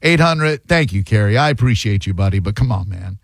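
A man's voice: fairly low pitch, vocal fry, dry recording, poor audio. A man hosting a call-in radio talk show, taking callers and arguing his points emphatically. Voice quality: animated, emphatic, quick banter.

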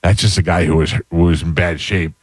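A man with a very deep voice hosts a morning radio show and talks fast. He tells stories and acts out quoted lines. The studio sound is close and dry. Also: steady tone, husky, dry recording. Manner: storytelling, quoting people. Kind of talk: casual radio chat.

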